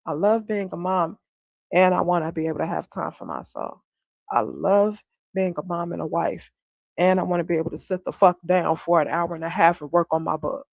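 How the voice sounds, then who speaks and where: A woman livestreaming from home, a homeschooling mom speaking bluntly and swearing freely as she vents to her viewers. Her voice is husky and gravelly. The sound is dry and close, with little room echo. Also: lowish voice, moderate pace, dull audio. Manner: candid and venting, swears freely; talks straight to viewers, often asks if they follow her. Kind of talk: casual livestream chat.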